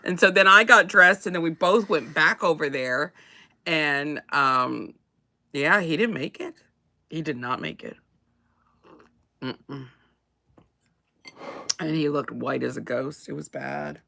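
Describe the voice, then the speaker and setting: Woman chatting over morning coffee, bright clear tone, lots of restarts and laughing. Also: deep voice, takes it slowly, pauses often. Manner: rambling with many restarts and laughs. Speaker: co-host. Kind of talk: casual chat.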